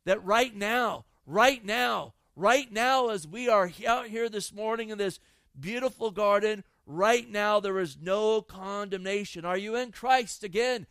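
A man's voice: high-pitched, smooth, dry recording. A male pastor preaching an impassioned sermon outdoors in a garden, repeating phrases for emphasis.

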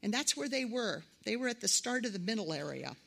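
Gravelly-voiced woman preaching a sermon. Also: on the high side, brisk. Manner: conversational, animated quoted voices. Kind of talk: sermon with personal stories.

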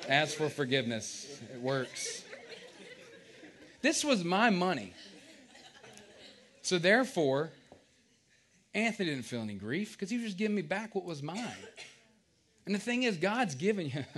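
A man's voice: on the high side, fairly bright tone. A man preaching a casual sermon, joking and asking the congregation questions.

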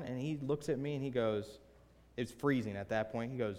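Young male pastor, earnest sermon delivery moving between hush and emphasis, mid-pitched voice, long reverb of a church hall. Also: brisk. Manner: earnest, swings from hushed to emphatic. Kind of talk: sermon with personal testimony and prayer. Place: church sanctuary.

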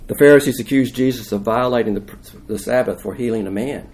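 A man preaching a sermon, easygoing yet insistent. He explains things in an everyday way and often turns to the listeners with questions. His voice sits at an average pitch. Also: brisk, a little mellow. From United States. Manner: conversational, emphatic, asks the listeners questions.

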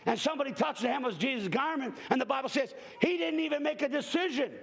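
A man preaching a sermon as a travelling evangelist to a church congregation, telling folksy stories with jokes and bursting into shouts. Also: extremely high pitch, fast talker, vocal fry.

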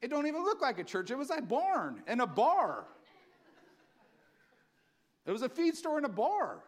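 A man's voice: extremely high pitch, wildly swooping pitch, normal speed. A male pastor preaching an impassioned, conversational sermon, acting out quotes as he goes. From California.

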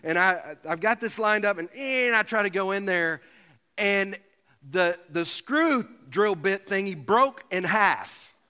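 Bright-voiced pastor in a reverberant hall. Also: male voice, sits high, expressive, slow pace, clean tone. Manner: humorous storytelling, self-mocking. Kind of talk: sermon. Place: church sanctuary.

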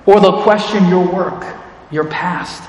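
A man's voice: high voice, takes it slowly, a little mellow, slight background noise. A man preaching a sermon as pastor, earnest, speaking to the congregation as friends. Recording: echoey hall with long reverb.

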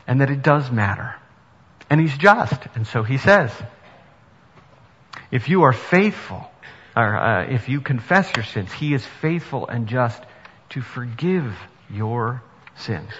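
A man's voice: mid-range voice, fairly bright tone, a little hiss or hum. Preaching man in a reverberant hall. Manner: earnest, rising to emphatic preaching. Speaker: pastor. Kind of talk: sermon. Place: church sanctuary. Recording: dull sound with long reverb in a hall.

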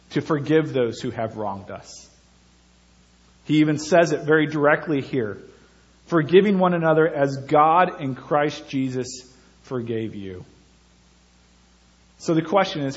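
A man's voice: on the high side, highs cut off. A man preaching an earnest sermon as pastor, building his points with repeated phrases.

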